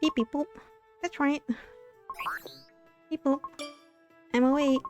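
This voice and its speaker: A woman's voice: high voice, fairly even intonation, slow pace, darkish tone, dull audio, faint music behind, voice pushed up. A woman voicing a cheerful talking relic in a game that says beep boop. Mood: chirpy. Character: cheerful beeping talking relic, helpful and proud.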